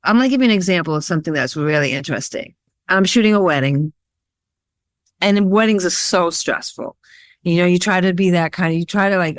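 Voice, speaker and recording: A woman photographer being interviewed, talking in a rambling, animated storytelling way with lots of fillers. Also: lowish voice, no room sound. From Worcester, Massachusetts area. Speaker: guest, photographer. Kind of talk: casual interview chat.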